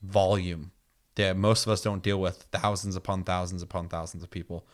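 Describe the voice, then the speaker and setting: Animated ranting man, lowish voice. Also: normal speed. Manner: animated, ranting, swears freely, acts out quotes. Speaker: podcast co-host. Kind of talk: casual chat about video games.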